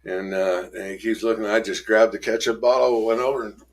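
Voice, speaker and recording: A middle-aged man candidly telling his life story in an interview, rough-spoken, acting out old arguments in raised voices. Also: lowish voice, flat delivery, brisk.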